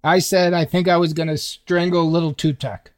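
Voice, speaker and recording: A man's voice: on the high side, flat delivery, moderate pace, clear, resonant tone. Mock-serious man co-hosting a comedy podcast. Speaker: podcast co-host.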